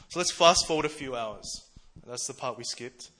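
A male preacher with a bright, forward voice gives a casual, chatty sermon. He talks the way friends talk, laughing at himself along the way. His pitch sits in the middle of the male range. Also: normal speed, few pauses. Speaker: preacher, church treasurer.

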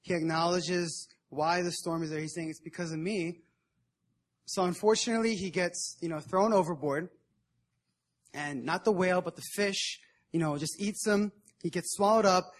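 A man's voice: sits high, moderate pace. A young man preaching at a prayer meeting in a casual, conversational way, retelling a Bible story in everyday slang. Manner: conversational, acts out Bible figures in modern slang. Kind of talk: casual sermon.

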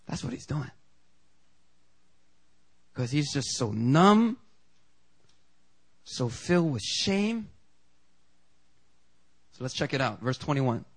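A man's voice: on the high side, sing-song, slow, pauses often, husky. A man preaching a sermon in a casual, conversational way, acting out the quoted lines with big jumps in voice. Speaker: pastor.

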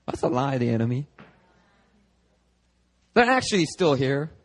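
A young male pastor preaching a casual, conversational sermon, animated and full of quick asides and restarts. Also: medium pitch. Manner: animated, chatty, frequent restarts and asides to the congregation. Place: church sanctuary.

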